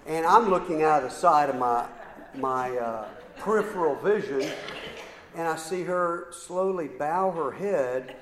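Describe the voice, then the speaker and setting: A middle-aged man preaching a sermon, telling a story slowly with many repeated "and"s and pauses. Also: a little high. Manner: slow, halting storyteller with repeated ands and pauses. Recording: roomy hall with long reverb.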